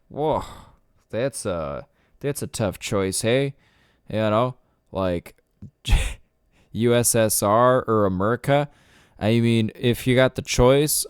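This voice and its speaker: A man's voice: on the low side, darkish tone, clear, resonant tone, no room sound, clean studio sound. A young man hosting a solo podcast, ranting in a profane, rambling way with lots of fillers. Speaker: podcast host. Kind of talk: casual solo podcast rant.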